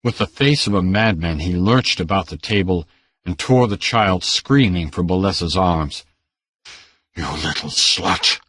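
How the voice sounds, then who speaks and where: Male audiobook reader, very deep, measured, dry studio sound. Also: lively intonation, no room sound. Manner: measured, dramatic storytelling. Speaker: audiobook narrator. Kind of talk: scripted narration.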